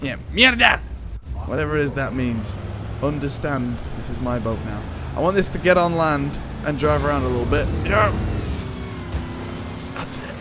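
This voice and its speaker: A man giving excitable, jokey let's play commentary and talking back to game characters. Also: mid-range voice, normal speed. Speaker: gaming YouTuber. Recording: game sound effects and vehicle noise behind.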